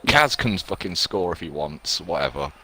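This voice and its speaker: Deep-voiced, teasing male co-commentator. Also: expressive, normal speed, bright, forceful tone, slightly rough. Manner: teasing, sweary banter. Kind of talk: casual live game commentary.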